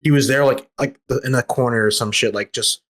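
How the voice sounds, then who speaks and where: A young man telling a story in casual podcast chat over a voice call, rapid and profane, packed with fillers. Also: medium pitch, steady tone, fairly bright tone. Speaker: podcast participant. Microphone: remote call over voice chat.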